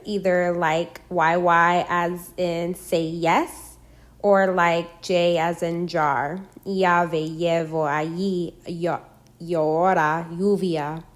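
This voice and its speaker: A woman leads a pronunciation lesson at an unhurried pace. Her voice sits a little low. She reads out rules and lists of example words with deliberate care. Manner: slow, careful, spells out sounds and repeats example words. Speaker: language teacher.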